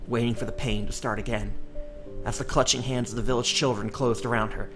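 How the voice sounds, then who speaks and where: A man's voice: mid-range voice, steady tone, brisk, music in the background. A man reading a novel aloud as an audiobook, narrating steadily. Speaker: audiobook reader.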